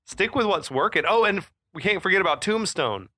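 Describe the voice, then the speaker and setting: Podcast co-host, male, bright dry voice, loose chatty delivery with lots of "like" and "um". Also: sits high, animated, brisk, no room sound. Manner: chatty, laughs often, many fillers. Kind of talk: casual chat.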